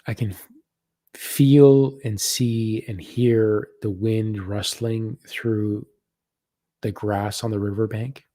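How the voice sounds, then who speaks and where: A man hosting a live spiritual practice session, reading viewer comments and describing what he senses in a slow, soft-spoken way. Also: fairly low pitch, steady tone. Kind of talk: live guided meditation session.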